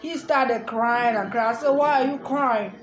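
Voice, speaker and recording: A woman's voice: a little high, a little slow, roomy sound, soft background music. A woman vlogger emotionally recounting a personal story, emphatic and defiant, often repeating herself. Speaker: vlogger telling her own story.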